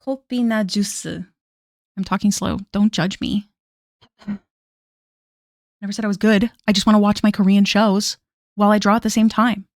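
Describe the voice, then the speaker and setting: A woman's voice: mid-range voice, flat delivery, normal speed, long pauses, no echo. Chatty woman streamer, dry close mic. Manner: chatty, self-deprecating, laughing often. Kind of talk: casual live-stream chat.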